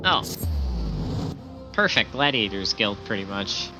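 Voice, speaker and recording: A man's voice: on the low side, very animated, slow pace, dull audio. A man streaming a game, making chatty asides between reading the dialogue aloud, with game music playing behind. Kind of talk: casual gaming stream.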